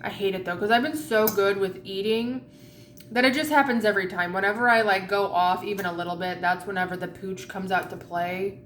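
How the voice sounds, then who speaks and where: Woman vlogger, casual rambling chat, frequent swearing, echoey room, faint rumble. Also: a little fast, a bit bright. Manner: rambling, profane, candid. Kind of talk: casual chat while eating.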